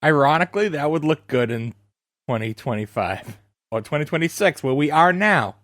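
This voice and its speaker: A man's voice: fairly high pitch, expressive, moderate pace, fairly bright tone, dry recording, clean studio sound. A man co-hosting a podcast who makes wry comments and laughs often. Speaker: podcast co-host. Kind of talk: casual chat.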